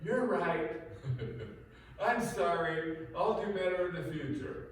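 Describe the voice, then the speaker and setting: A man's voice: high-pitched, takes it slowly, voice pushed up. A man voicing a fed-up, dismissive wife in a raised, mocking tone. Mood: placating. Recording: echoey room from far off.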